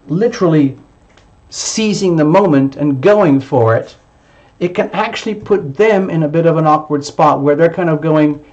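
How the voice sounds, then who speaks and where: A man's voice: on the high side, a little mellow, lo-fi sound. A man giving a monthly tarot reading, emphatic and repetitive, sometimes speaking the listener's thoughts aloud. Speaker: tarot reader.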